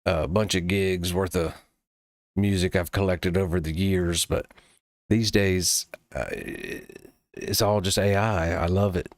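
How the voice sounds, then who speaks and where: A man demoing software he built, talking casually and loosely, with plenty of pauses and some cursing. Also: sits low, fairly even intonation, dry recording, studio quality. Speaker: developer demoing his own app. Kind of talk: casual late-night screen-recording talk.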